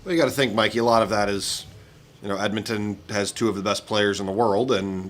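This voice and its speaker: A man giving measured, explanatory hockey analysis during a live watch-along. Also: lowish voice, steady tone, fairly bright tone.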